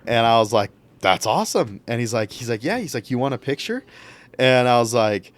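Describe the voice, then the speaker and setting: A man's voice: mid-range voice, brisk. A young man, a podcast guest, telling a story casually and acting out what others said. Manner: animated, acts out quotes.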